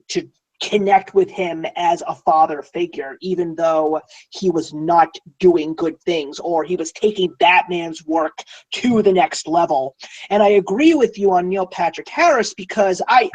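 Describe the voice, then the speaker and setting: Excited guy gushing about movies on a podcast, pitch jumping all over. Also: poor audio. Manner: excitable, drifts off the mic when enthused. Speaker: podcast co-host. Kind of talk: casual film discussion.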